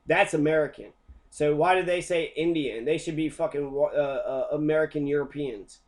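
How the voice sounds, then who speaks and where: A man's voice: fairly high pitch, normal speed. A man teaching a history lesson as an angry, profane rant, swearing constantly.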